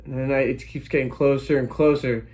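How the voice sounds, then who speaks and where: A young man telling a childhood story in a casual, animated way, full of sound effects and exclamations. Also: mid-range voice, fairly quick. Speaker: storytelling vlogger.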